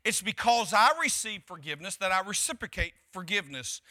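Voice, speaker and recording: A man's voice: high voice, expressive, brisk, hardly any pauses, bright, forceful tone. A man preaching a sermon to his church, building emphasis through repeated phrases. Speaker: pastor.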